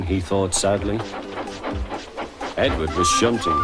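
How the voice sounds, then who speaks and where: A man narrating a children's storybook in a gentle, clear storytelling manner. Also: deep voice, expressive, moderate pace, long pauses. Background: background music.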